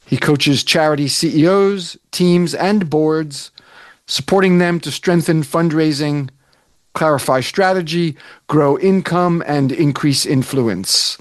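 An American man hosts an interview show in a notably high voice. He is chatty and wry and often restarts his sentences. The sound is dry and close, with no room echo. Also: takes it slowly. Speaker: radio show host. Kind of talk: hosting a podcast interview.

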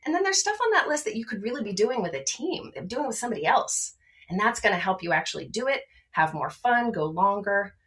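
An energetic woman from Maryland speaks as a podcast guest at a middle pitch. She talks with punchy emphasis and quick rhetorical asides, throwing in a questioning "right?" to keep the listener with her. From Maryland, USA. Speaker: guest, wellness advocate. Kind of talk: podcast conversation.

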